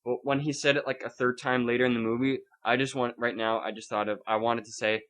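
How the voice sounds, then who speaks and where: A man's voice: medium pitch, quick pace, hardly any pauses. A man hosting a podcast, ranting about a night at the movies in casual chat and swearing freely. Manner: ranting, swearing, animated storytelling. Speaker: podcast host.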